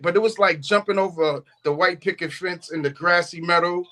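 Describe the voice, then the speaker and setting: A man with a high voice tells loose, profane stories on a stream, laughing between lines. He acts out each quote with big swings in his delivery. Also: a little fast. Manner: profane, laughing often, animated quoting. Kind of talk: casual storytelling chat.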